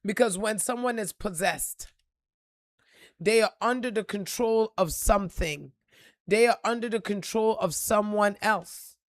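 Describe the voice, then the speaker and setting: A woman giving an impassioned, profane motivational talk on a live stream, repeating lines and building to shouts. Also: mid-range voice, measured pace, dry recording, clean studio sound. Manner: preachy, profane, rising to shouts.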